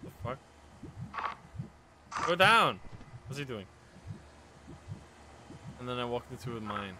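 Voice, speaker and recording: A young man chatting over a game stream, his pitch swinging widely as he laughs and reacts. He swears freely and talks in a loose, excited way. Steady noise hums under his voice. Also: takes it slowly. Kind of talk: casual gaming chat. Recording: noisy game-stream audio.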